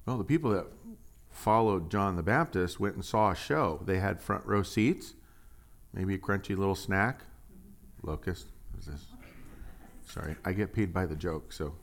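A man preaching a conversational sermon as pastor, animated and joking, swinging from hushed asides to loud emphasis. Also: sits low, normal speed.

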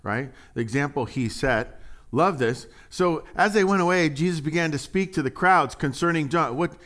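Animated joking male pastor. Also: fairly high pitch, normal speed. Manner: animated, joking, swings from hushed to loud emphasis. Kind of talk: conversational sermon.

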